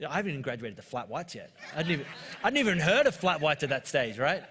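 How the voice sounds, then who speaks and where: A man's voice: on the high side, big pitch swings, a little fast, sharp tone, breathy edge, long reverb tail. A man in his thirties with an Australian accent, a pastor giving a conversational, joking sermon full of personal stories. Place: church auditorium.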